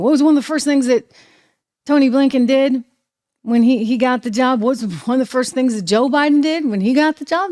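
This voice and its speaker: A woman with a New Hampshire accent hosting an opinionated political commentary show, talking in an animated, sarcastic way. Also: sits high, fairly quick. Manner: animated, sarcastic, mimics people, laughs often.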